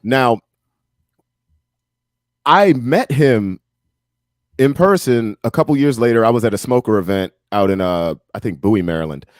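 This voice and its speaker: A young man with a deep voice, chatting as a podcast guest and telling stories with lots of laughter. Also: moderate pace, pauses often, no room sound, clean studio sound. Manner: laughs often, animated storytelling. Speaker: podcast guest, musician and MMA analyst. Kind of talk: casual chat.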